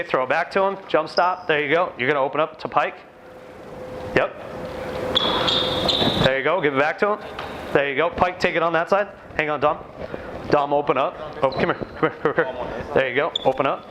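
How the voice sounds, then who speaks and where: A man running a basketball coaching clinic in a gym, giving brisk, commanding drill instructions to players and explaining the ideas to coaches. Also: fairly high pitch, noisy background. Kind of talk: on-court coaching demonstration. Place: indoor gym.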